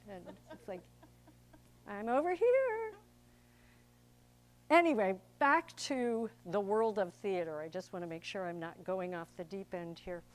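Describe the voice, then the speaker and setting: A woman's voice: medium pitch, moderate pace, hardly any pauses. An older woman, an actor and director, giving a chatty, theatrical public talk to an audience. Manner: chatty and theatrical, acts out quoted voices.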